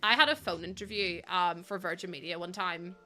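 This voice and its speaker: A woman's voice: fairly low pitch, fairly quick, pushed and bright. A young woman, chatting casually to viewers while live-streaming a building game, laughing often. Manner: chatty, laughs often, acts out quoted voices.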